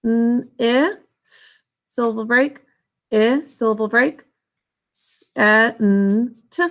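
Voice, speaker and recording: With a voice on the high side, this literacy teacher breaks words into individual letters and syllables for young learners, taking her time and staying patient.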